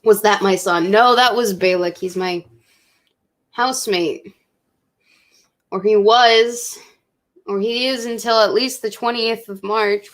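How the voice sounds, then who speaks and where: A woman's voice: medium pitch, measured pace, long pauses. Young woman vlogger, tipsy, emotional, swears a lot, casual chat. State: drinking, tipsy. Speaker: college student vlogger.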